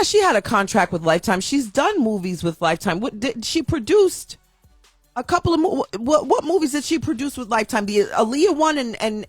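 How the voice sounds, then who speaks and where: A video commentator with a rather high voice rants in an emotional opinion vlog, impassioned and upset. She repeats herself and restarts often, and there's no room sound.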